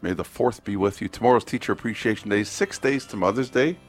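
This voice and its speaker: A man's voice: on the low side, fast talker, faint music behind. A man hosting a radio morning show, chatting casually and reading out birthdays and dates on a studio mic. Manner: chatty, reads out dates and birthdays, jokes around. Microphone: studio microphone.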